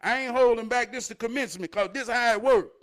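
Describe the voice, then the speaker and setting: A man with a strikingly high-pitched voice delivers a streetwise motivational sermon. He repeats lines for effect, draws some words out, and swears freely as he builds to shouted points. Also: fast. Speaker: motivational speaker. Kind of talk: preachy motivational monologue.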